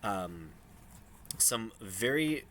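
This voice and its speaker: A man's voice: lowish voice, expressive, drawn-out words, fairly bright tone. A man narrating as game master in a casual, hesitant way with many ums.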